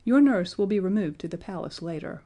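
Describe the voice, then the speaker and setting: A grave gentleman of the court, formal and ceremonious, bowing to a new king in a storybook, as a woman puts him on. The voice stays mellow and unhurried. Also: on the low side, expressive.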